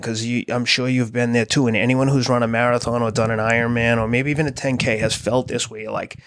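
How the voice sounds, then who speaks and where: A man's voice: mid-range voice, fairly bright tone, dry recording, clean studio sound. A man in his thirties, a podcast host, telling a rambling story in casual conversation, with many fillers and restarts. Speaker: podcast host, endurance athlete.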